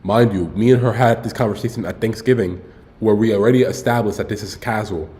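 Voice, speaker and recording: A man's voice: lowish voice, quick pace, a little mellow. Slangy young man rambling on stream. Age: young adult. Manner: loose, slangy, says "bro" constantly; rambling, self-interrupting. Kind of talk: casual storytelling livestream.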